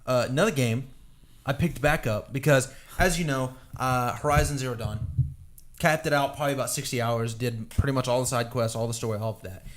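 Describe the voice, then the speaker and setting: Casting note: young male podcast co-host, quick delivery, eager rambling enthusiasm. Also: mid-range voice. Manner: enthusiastic, rambling gamer talk. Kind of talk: casual chat.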